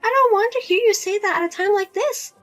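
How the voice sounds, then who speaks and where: A woman's voice: very high-pitched, fairly quick, fairly bright tone, soft background music. A woman playing a pushy, self-pitying widowed mother who keeps guilt-tripping her daughter and asking for money, in a narrated drama. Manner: nagging, whiny, guilt-tripping.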